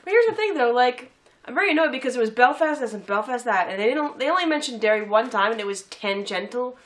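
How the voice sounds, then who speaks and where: A woman's voice: a little high, fast. A woman chatting about a film, telling stories animatedly and acting out her coworkers. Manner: animated storytelling, acts out coworkers. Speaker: co-host. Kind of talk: casual film review chat.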